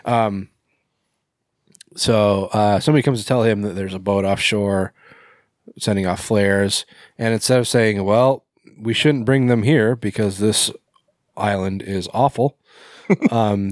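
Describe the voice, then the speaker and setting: Low-voiced man rambling through a recap. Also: darkish tone, no room sound, studio quality. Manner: rambling, many fillers and self-corrections, laughs often. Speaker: podcast co-host. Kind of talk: casual movie recap chat.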